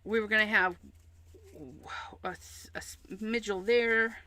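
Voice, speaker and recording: A woman's voice: mid-range voice, fairly even intonation, takes it slowly, crowd noise. A woman hosting a craft livestream, chatting casually as she explains each step she works on.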